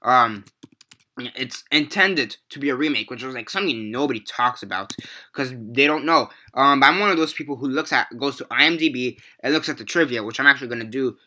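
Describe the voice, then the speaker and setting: Young male movie reviewer, very bright edgy voice, rambling and profane, casual rant. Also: medium pitch, fairly quick.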